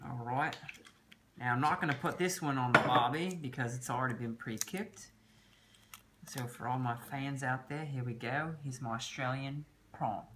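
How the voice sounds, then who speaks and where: A man's voice: medium pitch, normal speed. A young man hosting a casual travel vlog, playful and joking as he reacts to food. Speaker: vlog host. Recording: noisy background ambience.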